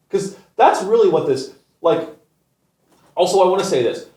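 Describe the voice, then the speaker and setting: A man's voice: high voice, lively intonation, normal speed, dark tone. A man hosting a comedy show, delivering an exasperated, profane rant. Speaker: comedian host. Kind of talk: ranting comedic monologue. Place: studio. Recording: echoey new studio, botched audio.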